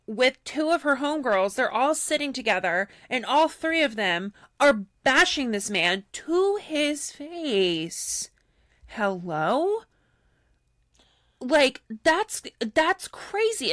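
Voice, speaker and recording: A woman's voice: sits high, a bit bright, no room sound, clean studio sound. A woman co-hosting a podcast, chatting casually and acting out other people's lines as she tells a story. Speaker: podcast co-host. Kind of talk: casual chat recapping a reality show.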